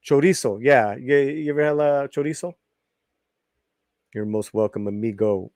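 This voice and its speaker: A man's voice: medium pitch, normal speed, long pauses, darkish tone, dry recording, studio quality. Chatty male live-stream host. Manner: chatty, laughs easily, repeats phrases. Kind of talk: live-stream talk show.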